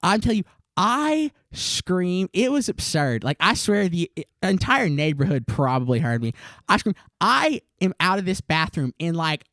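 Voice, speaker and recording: Animated young man telling a story. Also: high-pitched, moderate pace, dry recording, clean studio sound. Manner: animated storyteller, says "dude" and "like" a lot. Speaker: podcast co-host. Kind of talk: casual chat, storytelling.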